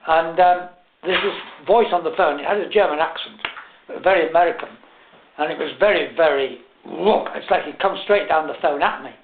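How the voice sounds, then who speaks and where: Older English lecturer, hesitant and wry. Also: male voice, on the high side. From England. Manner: hesitant, self-mocking, humorous. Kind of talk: lecture with anecdotes. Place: lecture room. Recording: tinny echoey room recording, faint hiss.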